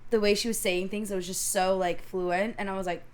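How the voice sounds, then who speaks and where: Excitable young woman, podcast guest. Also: medium pitch, fairly quick. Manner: excitable, filler-heavy storytelling. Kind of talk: casual chat.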